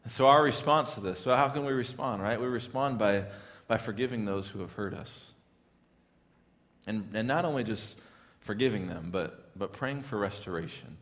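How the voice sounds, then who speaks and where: A pastor preaching a sermon in a church, talking in a conversational way, often repeating words and rising into loud, pleading questions. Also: male voice, on the low side, moderate pace, long reverb tail.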